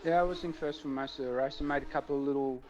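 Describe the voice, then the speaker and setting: Relaxed man on a dull call line. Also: mid-range voice, rapid-fire. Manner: brief, relaxed replies. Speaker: guest racer on a call. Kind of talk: casual call chat.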